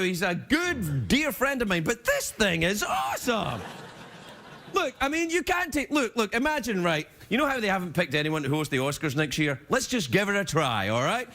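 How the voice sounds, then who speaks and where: A man's voice: extremely high pitch, pitched above the performer's own voice. A man with a Scottish accent voicing a puppet as a joking stand-in talk show host, in mock-formal patter.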